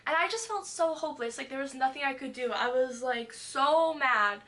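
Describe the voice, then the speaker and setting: A woman's voice: high-pitched, normal speed, hardly any pauses. A young woman vlogger telling a wild story from her past in a storytime vlog, full of "like" and swearing, acting out what people said. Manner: fillers "like" constantly, animated retelling, swears.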